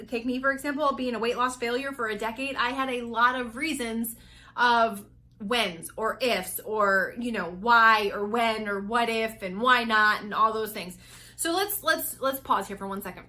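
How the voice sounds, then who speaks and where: A woman's voice: fairly high pitch, a little slow, sharp tone. A woman weight loss coach talking energetically and candidly in a motivational vlog, with lots of "like" and restarts.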